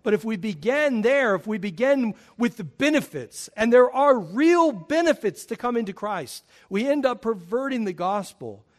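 High-voiced man preaching emphatically. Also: animated, moderate pace, hardly any pauses. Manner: emphatic, rising in pitch and volume on key points. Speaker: pastor. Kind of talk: sermon.

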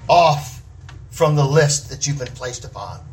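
A man's voice: mid-range voice, expressive, unhurried, distant mic, slight background noise. A man preaching a sermon with an emphatic, repetitive cadence.

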